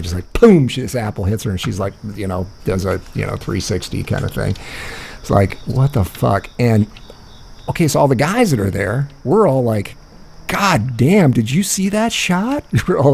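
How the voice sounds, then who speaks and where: Gravelly low-voiced man telling rambling stories. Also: darkish tone, a little hiss or hum. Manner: rambling, profane, laughs through his stories. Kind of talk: casual storytelling chat.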